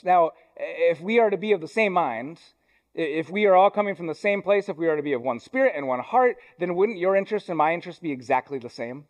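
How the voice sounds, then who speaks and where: In a church sanctuary, a young pastor from Ohio, US, delivers a sermon in a voice slightly higher than most men's. He keeps it conversational, with self-deprecating asides and lively intonation. He rushes through some thoughts and slows deliberately on others.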